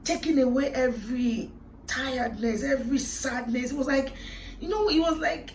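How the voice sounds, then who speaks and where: A high-pitched woman vlogger shares a personal testimony at a moderate pace, telling her story earnestly and reflectively with emotional swells and hushed moments. The mic sounds roomy and distant, with a faint hiss in the background.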